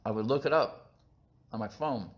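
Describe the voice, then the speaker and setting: A man's voice: medium pitch, moderate pace. A man hosting a casual live stream, chatting in a goofy, rambling, self-mocking way while eating breakfast, recorded on a phone. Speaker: channel host.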